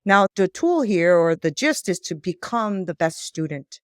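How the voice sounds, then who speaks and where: A woman life coach as a podcast guest, telling stories in a lively way and acting out the dialogue. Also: lowish voice, a little slow, no room sound, studio quality. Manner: animated storytelling, acts out quoted dialogue. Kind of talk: conversational interview.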